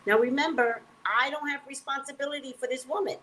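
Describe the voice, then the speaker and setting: A woman who works as a psychic reader, telling a personal story in an emphatic, animated way and acting out the dialogue. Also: high voice, moderate pace, vocal fry, pauses often, a little hiss or hum, poor audio.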